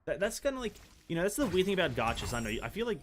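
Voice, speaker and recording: A man's voice: high-pitched, very animated, rapid-fire, faint music behind. A man streaming a game, chatting casually, rambling with frequent restarts and swearing. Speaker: gaming streamer. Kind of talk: casual live-stream commentary.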